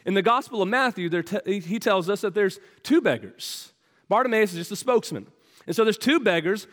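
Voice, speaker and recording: A man preaching in a church, his voice pitched high for a man. He poses rhetorical questions and drops to a hush between bursts of emphasis. His words ring out with a long hall echo behind them. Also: lively intonation, brisk. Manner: preaching with rhetorical questions, swinging from loud to hushed. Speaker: pastor. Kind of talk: sermon. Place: church sanctuary.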